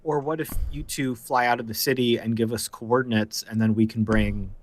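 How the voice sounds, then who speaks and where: A player in a tabletop game, chiming in with quick, excitable reactions. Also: mid-range voice. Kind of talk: casual tabletop play.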